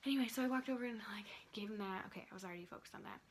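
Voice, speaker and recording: A young woman speaks very fast in a medium-pitched voice, chatting to her phone camera from bed as a vlogger. She chews gum throughout, rambling and wandering away from the topic in this casual handheld recording.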